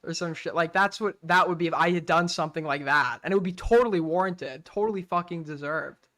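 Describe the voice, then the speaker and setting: Young man, reaction host, blunt and profane, with a bright, somewhat high voice. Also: fairly quick. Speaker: streamer host. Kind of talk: casual reaction commentary.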